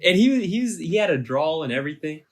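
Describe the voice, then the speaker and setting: A man in his twenties chatting casually on a podcast, an animated storyteller who laughs often. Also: on the high side, fast. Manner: animated, laughing storyteller, says "dude" a lot. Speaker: podcast guest. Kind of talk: casual chat.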